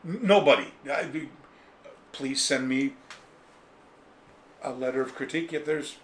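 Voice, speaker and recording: A man's voice: mid-range voice, unhurried, a little hiss or hum. A man as an interview guest, telling a long anecdote casually and digressively, with a lot of animation. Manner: animated, digressive, mimics people in his stories. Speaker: interview guest, karate author. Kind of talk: casual storytelling. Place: a room in his home. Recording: echoey room with faint ambience.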